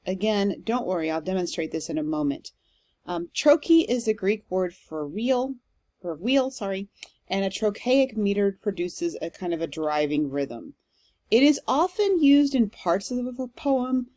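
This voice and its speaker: A woman's voice: mid-range voice, animated, measured pace, dark tone, dry recording. A woman professor giving a recorded literature lecture, explaining step by step with frequent "um" fillers.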